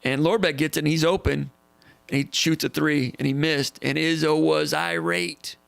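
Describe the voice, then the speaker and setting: A man hosts a live question-and-answer stream, spinning stories in a casual, animated way and hammering home his points by repeating them. His voice sits a little high and has a gravelly edge. The sound is close and dry, with no room echo. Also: moderate pace. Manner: animated, repeats phrases for emphasis. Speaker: host answering viewer questions.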